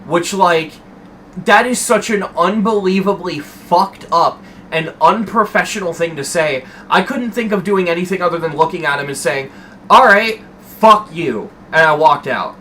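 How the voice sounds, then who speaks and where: A young man talks to his stream chat in a rambling, animated way, swearing freely. His voice sits a bit high and sounds bright and forceful. He speaks casually and unscripted, as if chatting with friends. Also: normal speed, a little hiss or hum.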